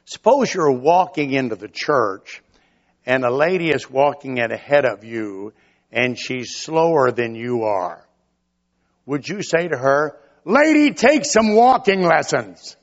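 Slow, folksy older male preacher. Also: mid-range voice, muffled recording. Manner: folksy storytelling with quoted asides. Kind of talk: sermon.

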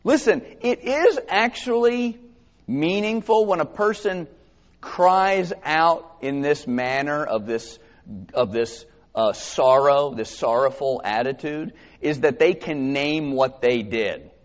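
A man preaching a sermon in a slightly high voice, earnest and halting as he restarts his phrases and reads scripture aloud. His voice rings out with a long echo through a church hall. The recording is dull and lo-fi. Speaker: pastor. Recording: echoey hall, dull lo-fi sound.

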